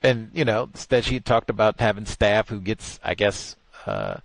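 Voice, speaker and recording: A man hosting a talk show, giving casual, exasperated commentary that swings from low mutters to incredulous high outbursts. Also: normal speed, creaky, no echo.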